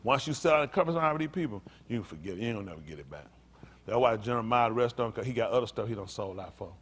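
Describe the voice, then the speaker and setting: Fast-talking preacher guy, folksy, calls out to the congregation, jumps high and loud then drops low. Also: animated. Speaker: pastor. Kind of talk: sermon teaching.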